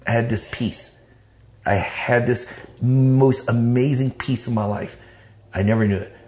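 A man telling his life story in an interview, blunt and animated, swearing freely. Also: mid-range voice, unhurried. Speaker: interview guest. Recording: roomy echo.

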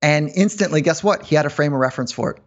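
A man as a podcast guest, explaining mental rehearsal with rambling, animated stories and frequent laughs. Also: fairly high pitch, muffled recording. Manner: rambling, laughs often, quick asides. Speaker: podcast guest, performance psychologist. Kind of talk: animated interview storytelling.

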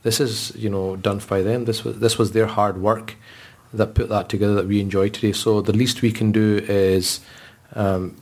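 A man with a lowish, slightly mellow voice speaks earnestly in a podcast conversation. He's a religious scholar telling stories, and he keeps restarting his sentences.

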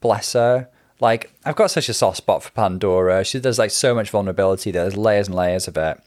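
A man's voice: fairly low pitch, a little fast, darkish tone. A man co-hosting a casual chat, chatty and opinionated, with gushing asides. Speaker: podcast co-host.

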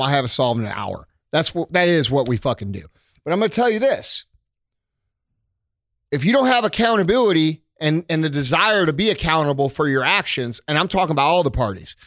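A man from the United States goes on a fiery, profanity-laced podcast rant. His voice sits high and jumps all over the place as he hammers his points home. It's recorded close and dry. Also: fairly bright tone, dry recording. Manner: profane, emphatic, preachy. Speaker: podcast co-host.

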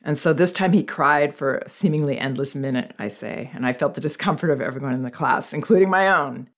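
A middle-aged woman with a notably deep, low-pitched voice tells a story in a reflective podcast monologue. She speaks gently and thoughtfully, taking her time with each point. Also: fairly quick. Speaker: parenting educator and podcast host.

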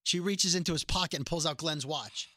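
A man casually co-hosting a podcast, animatedly retelling a TV episode and quoting its characters in quick bursts. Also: fairly high pitch, pushed and bright, no room sound, clean studio sound. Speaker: podcast co-host recapping a TV episode. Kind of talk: casual chat.

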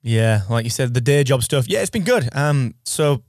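Man in his 30s, podcast co-host, excitable, giggly, cracking voice, mid pitch. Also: normal speed, no room sound, clean studio sound. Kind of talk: casual podcast chat. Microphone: studio podcast mic.

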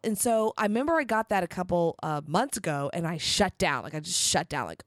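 Female podcast host, solo motivational monologue, emphatic bursts, lively intonation. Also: mid-range voice, moderate pace, hardly any pauses, no echo, studio quality. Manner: candid and rambling, with bursts of emphatic energy.

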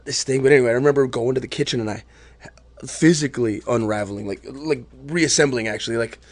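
A man telling a raw personal story as a podcast guest, confessional, sometimes dropping almost to a whisper. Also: mid-range voice. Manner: fast, confessional, drops to near whispers.

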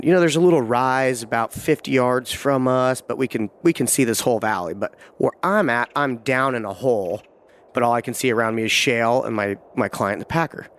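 Man telling a gripping story. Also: mid-range voice. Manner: vivid, halting retelling with frequent restarts. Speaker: hunting guide. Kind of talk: first-person storytelling.

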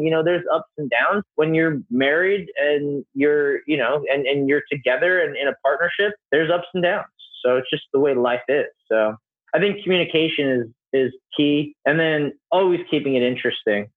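A man's voice: fairly high pitch, breathy edge. A man in his mid thirties, a podcast guest, chatting casually and joking, with lots of fillers and restarts, over a video call. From New Jersey. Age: 30s. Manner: rambling, filler-heavy, jokey. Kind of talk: casual interview chat. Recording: tinny phone-like call audio.

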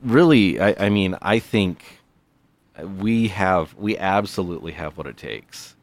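A man's voice: low voice, lively intonation, a little slow. A man co-hosting a podcast, chatting casually and joking playfully. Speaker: podcast co-host. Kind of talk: casual comedic chat.

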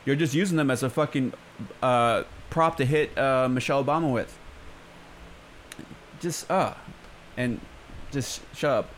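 A man's voice: medium pitch, unhurried, pauses often, slight background noise. A young man from San Francisco hosting a radio show, ranting in profane, exasperated bursts full of stammers and restarts from a studio. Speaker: radio host.

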